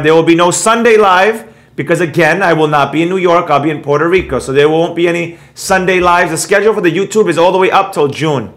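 A middle-aged man hosting a trading channel in a casual, lecturing monologue to his viewers, brash and repetitive, reading and answering live chat comments. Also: a little high. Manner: animated, repeats points for emphasis. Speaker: trading educator and channel host.

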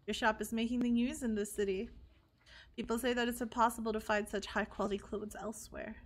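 A woman voicing a formal, aloof male gentleman from a video game, reading his lines stiffly. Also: fairly high pitch, fairly even intonation, a little fast, lightly acted.

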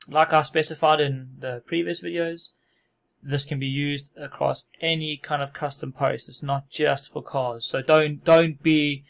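Gravelly-voiced man explaining software. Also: mid-range voice. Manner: relaxed, self-deprecating, many fillers and restarts. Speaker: software tutorial presenter. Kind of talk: casual screen-recorded tutorial.

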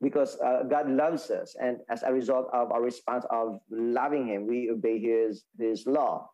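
A man teaching a Sabbath school Bible lesson, explaining slowly with many restarts and fillers. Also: mid-range voice, fairly even intonation, warm tone, poor audio. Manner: explaining, repeats and restates points, halting with fillers.

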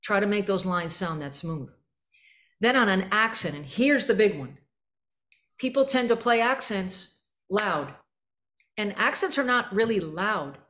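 A woman's voice: medium pitch, lively intonation, a little slow, long pauses, fairly bright tone. A woman leading a band rehearsal clinic, coaching players with vivid images and singing out the syllables and rhythm phrases. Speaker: jazz clinician.

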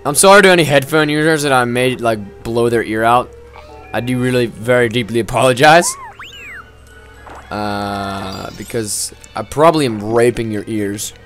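A man giving profane, loud gaming commentary, yelling at the game often and then dropping into sheepish apologies. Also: medium pitch, soft background music. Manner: quick swings between ranting and sheepish apologies. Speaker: gaming video host. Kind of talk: let's-play gaming commentary.

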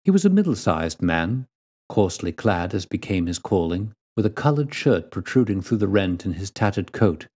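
A man reading a classic detective story aloud as storyteller, in a measured and deliberate way. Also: low-pitched, big pitch swings, darkish tone, husky.

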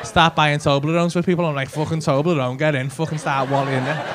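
A man's voice: a little high, flat delivery, fast. A male stand-up comedian with a Liverpool accent doing brash, sweary, teasing crowd work on a comedy club stage. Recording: live club audio with crowd laughter noise.

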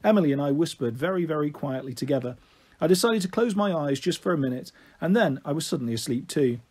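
A man reading a children's novel aloud in an expressive, animated way. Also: a little high, quick pace, husky. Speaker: storyteller.

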